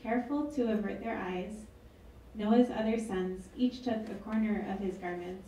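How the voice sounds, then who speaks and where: A woman's voice: medium pitch, fairly even intonation, moderate pace, dark tone, distant mic, slight background noise. A woman author reading her book aloud at an event, with wry, chatty asides. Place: event hall. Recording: echoey hall, mic from afar.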